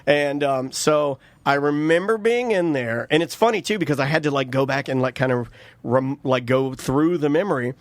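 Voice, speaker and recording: Podcast co-host, man in his 30s, a bit high voice, dry close mic, rambly storyteller. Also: expressive, normal speed, dry recording. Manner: rambling, joking anecdote telling with many restarts. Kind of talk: casual chat, storytelling.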